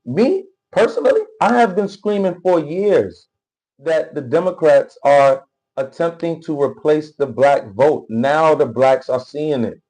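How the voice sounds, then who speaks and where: Man, livestream commentator, casual rambling talk, repeats himself a lot, slightly high voice. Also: lively intonation, a little slow, a little mellow, poor audio. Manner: rambling, repetitive, keeps asking "you know what I'm saying". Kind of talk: casual political commentary reacting to clips and chat.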